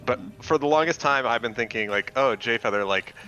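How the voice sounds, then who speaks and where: Teasing young man with a bright voice. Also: medium pitch, brisk, highs cut off. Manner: teasing, joking. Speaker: stream co-host. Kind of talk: casual stream chat. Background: faint music.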